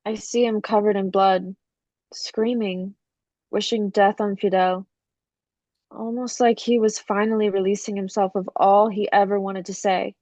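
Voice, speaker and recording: A woman's voice: mid-range voice, fairly even intonation, measured pace, darkish tone, dry recording, close to an everyday voice. An earnest teenage girl, played by a woman, talking with her parents in a plain, everyday mid-range voice. The sound is dry and close to the mic.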